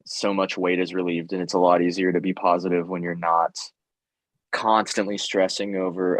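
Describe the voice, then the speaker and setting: A man with a very low, flat, even voice, co-hosting a podcast in a casual chat. He is reflective and a little self-deprecating, and the sound is dry and close. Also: moderate pace, no room sound, poor audio. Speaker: podcast co-host.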